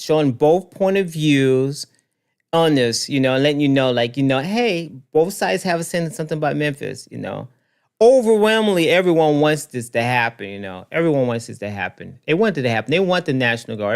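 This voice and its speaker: Animated man riffing on news clips. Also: medium pitch, clear, resonant tone. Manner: animated, repeats himself, talks to viewers directly. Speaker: commentary show host. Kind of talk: casual commentary on news clips.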